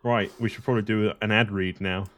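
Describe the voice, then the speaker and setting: A man's voice: on the low side, steady tone, brisk. A man co-hosting a comedy podcast, joking around and doing a mock sponsor read. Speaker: podcast co-host. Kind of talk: casual comedic podcast banter. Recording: noisy background hiss.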